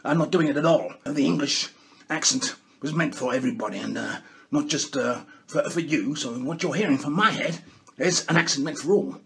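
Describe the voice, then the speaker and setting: A man's voice: a little high, fairly quick, creaky, fairly bright tone, breathy edge, exaggerated voice. A man doing a comic impression of a boastful, bossy male world leader who keeps tacking "okay?" onto his lines. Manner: bragging, bossy, repeats "okay?".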